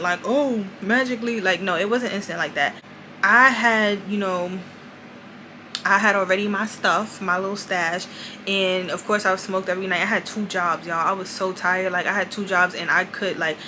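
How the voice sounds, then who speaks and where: A woman's voice: medium pitch, bright, forceful tone, a little hiss or hum, rough recording. A young woman vlogger telling a personal faith testimony in a chatty way, addressing viewers directly and saying "like" often. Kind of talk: casual confessional testimony.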